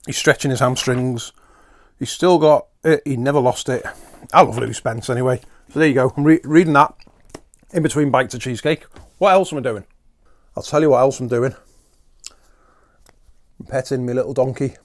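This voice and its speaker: A man's voice: medium pitch, moderate pace, long pauses. A man hosting a podcast, rambling through a chatty, self-mocking solo comic monologue. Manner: talks while eating at times. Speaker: podcast host.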